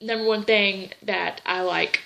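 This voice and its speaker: A woman's voice: mid-range voice, fairly even intonation, unhurried, creaky, fairly bright tone, rough recording. A young woman vlogging in a casual, rambling chat, gushing and a little tearful. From Southern United States.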